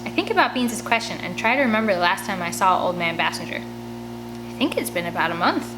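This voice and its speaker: Brief: woman, expressive read-aloud of a kids' novel, home recording with a steady hum underneath. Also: medium pitch, brisk. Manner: expressive storytelling, chatty asides. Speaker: audiobook reader. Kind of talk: reading a children's chapter book aloud. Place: home room by a large window.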